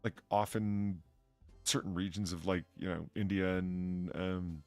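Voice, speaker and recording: A man hosting a casual political chat, blunt and profane, telling stories with animated back-and-forth. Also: low voice, unhurried, faint music behind. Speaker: podcast host.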